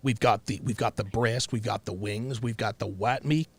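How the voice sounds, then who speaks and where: A man's voice: fairly low pitch, moderate pace, breathy edge. A man playing a pushy white southern man on a date, asking prying, roundabout questions in a comedic role-play.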